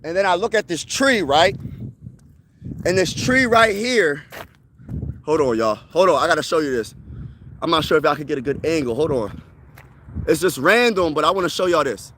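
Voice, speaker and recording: A man's voice: fairly high pitch, expressive, normal speed, long pauses, fairly bright tone, slight background noise. A man in his thirties hosting a sports fan channel, talking outdoors to a phone camera in a hyped, repetitive way. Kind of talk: casual live-stream chat. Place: outdoors by trees.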